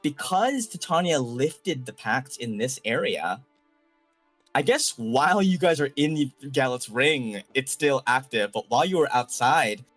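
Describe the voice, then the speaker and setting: Animated game master, rambling in fits. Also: male voice, medium pitch, unhurried, soft background music. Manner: rambling, full of "like" fillers. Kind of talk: improvised tabletop narration and rulings.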